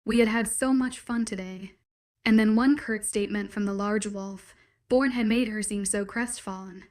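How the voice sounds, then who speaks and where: A woman narrating a first-person romance story in a steady storytelling read. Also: mid-range voice, moderate pace.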